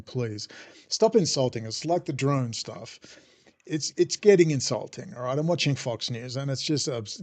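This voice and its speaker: A man's voice: medium pitch, a little mellow. A man ranting sarcastically in a monologue as podcast host. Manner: irreverent, sarcastic, mocking voices.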